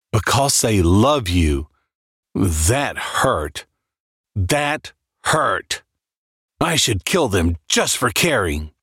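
A man narrating a dark first-person horror story as a dramatic reading, with a brooding, deliberate delivery. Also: mid-range voice, dry recording, clean studio sound.

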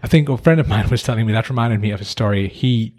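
A man from Nepal hosts an easygoing podcast chat, his voice sitting a little low. He speaks earnestly and reflectively, pausing to gather his thoughts. He asks his guest open questions. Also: a little mellow. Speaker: podcast host. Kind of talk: casual conversation.

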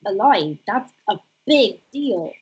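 A woman's voice: medium pitch, lively intonation, slow, husky, muffled recording. A woman playing a tabletop game, questioning the group's plan skeptically. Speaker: player. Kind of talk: casual role-play chat.

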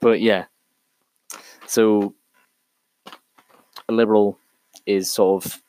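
A man's voice: on the low side, level tone, slow pace, mellow, clear, resonant tone, rough recording. A man talking through an argument on his own in a casual monologue, thinking aloud with frequent restarts and fillers.

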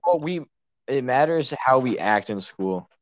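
A teenage boy in middle school, chatting on a podcast and cracking goofy deadpan jokes. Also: medium pitch, unhurried, no echo. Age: teens. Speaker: podcast co-host. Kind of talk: casual chat.

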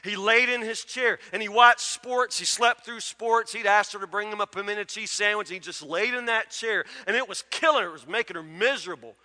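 Pastor, a man, folksy and emphatic in his sermon; very high-pitched voice, echoing through a big hall. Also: brisk, hardly any pauses, pushed and bright. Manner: folksy storytelling preacher, emphatic repetition. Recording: long reverb of a large hall.

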